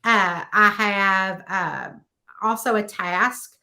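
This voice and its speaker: A woman author chatting in an interview, telling stories in an animated way with plenty of fillers like "um" and "you know.". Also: medium pitch, drawn-out words. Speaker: guest author. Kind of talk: casual interview chat.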